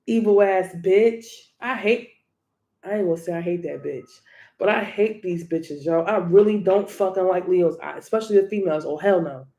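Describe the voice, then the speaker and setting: A woman's voice: lowish voice, moderate pace, mellow. A woman doing a tarot reading in a blunt, profane, emphatic way, often laughing. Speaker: tarot reader. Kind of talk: casual tarot reading rant.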